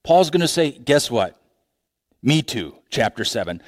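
A man preaching a sermon, animated, laughing often and asking rhetorical questions. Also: medium pitch, unhurried. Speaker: pastor.

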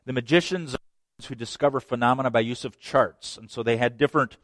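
Animated man teaching a Bible passage. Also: mid-range voice, fast talker, no echo, studio quality. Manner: animated, reads scripture aloud and breaks down grammar; laughs and jokes between points. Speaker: preacher. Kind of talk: expository sermon.

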